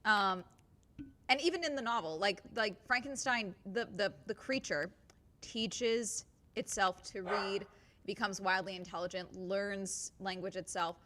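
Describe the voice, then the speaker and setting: A woman talks casually on a stream in a middle-pitched voice, rambling and circling back with fillers and false starts. She sounds animated and chatty. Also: a little slow, slight background noise. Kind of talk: casual livestream chat.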